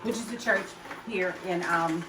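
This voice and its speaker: An older woman chatting casually to camera in her home kitchen, talking warmly and laughing often as she makes juice. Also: lowish voice, a little slow. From United States. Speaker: home juicing vlogger. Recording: roomy kitchen, mic at a distance, loud appliance noise.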